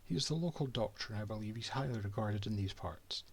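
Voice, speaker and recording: A man's voice: on the low side, quick pace, husky. A Scottish man voicing a haughty male cartographer and reading his old-fashioned diary aloud from a game.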